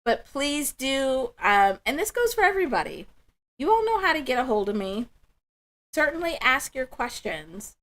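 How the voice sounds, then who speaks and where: A woman's voice: high voice, sing-song. A woman hosting a spiritual livestream, chatting with viewers in an emotional, affirming way. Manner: warm, emotional, affirming, slow and soft-spoken. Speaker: livestream host.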